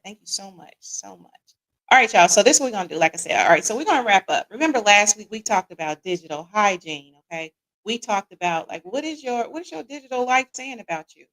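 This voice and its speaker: A woman's voice: mid-range voice, fairly bright tone, poor audio. An American woman hosting a live-streamed relationship talk show, chatty, greeting viewers by name and tagging lines with "right?". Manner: repeats "right?" as a tag; casual Southern-leaning slang, "y'all". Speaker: podcast host.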